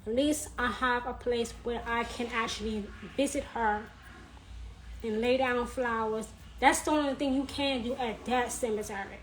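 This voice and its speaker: A woman in her thirties talking earnestly in a personal vlog, repeating her points and laughing softly now and then. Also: fairly high pitch, fairly even intonation, normal speed, a little hiss or hum, rough recording. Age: 30s. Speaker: vlogger.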